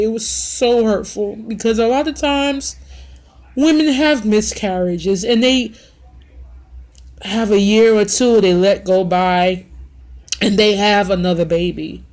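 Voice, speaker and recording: A woman in her thirties telling a personal story on her vlog, in an emotional, halting way with sighs and apologies. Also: medium pitch, a little mellow. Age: 30s. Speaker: vlogger.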